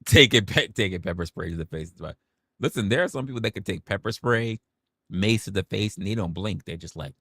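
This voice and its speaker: A man's voice: sits low, a bit bright, no echo, studio quality. Profane New man firing questions. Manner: rapid rhetorical questions, profane, stammering restarts. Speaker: livestream host. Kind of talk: casual livestream rant.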